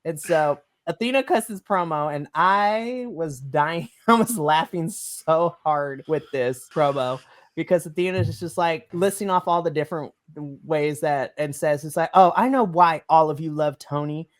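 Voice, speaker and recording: On a podcast, a co-host gives a casual, animated wrestling review, laughing often and trailing off mid-sentence. His voice is medium in pitch and his pace unhurried.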